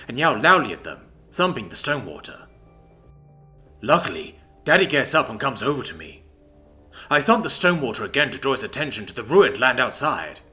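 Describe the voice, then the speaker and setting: A man reads a first-person story aloud with expressive, storytelling delivery. His voice is bright and his pitch rises and falls a great deal, with soft music behind him. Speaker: narrator. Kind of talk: storytelling narration.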